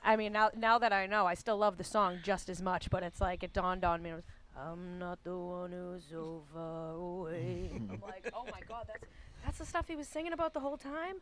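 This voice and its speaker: A woman's voice: medium pitch, expressive, quick pace. A woman in her thirties co-hosting a casual chat, reacting enthusiastically with exclamations. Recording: crowd noise behind.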